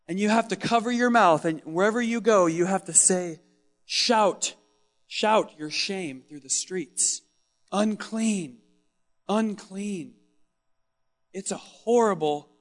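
A preacher delivering a first-person dramatic sermon monologue, telling the story with strong emotion and moving between loud exclamations and hushed tones. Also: male voice, sits high.

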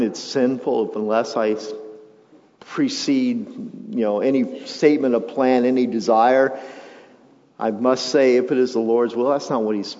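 Preaching man in an echoing hall. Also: mid-range voice. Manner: swings between quiet reflection and loud emphatic build-ups. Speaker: pastor. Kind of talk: sermon. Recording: muffled sound with long hall reverb.

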